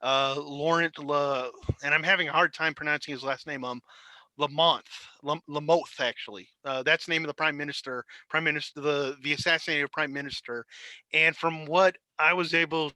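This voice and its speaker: Bright, hesitant male co-host. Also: fairly high pitch, steady tone, a little fast, dry recording, poor audio. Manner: hesitant, restarts, fillers. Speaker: podcast co-host. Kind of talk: casual discussion.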